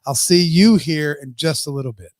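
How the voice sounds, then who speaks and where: A man's voice: fairly high pitch, moderate pace, no echo, studio quality. A man co-hosting a live podcast, teasing and swearing in casual banter. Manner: teasing, profane, laughing often. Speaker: podcast co-host.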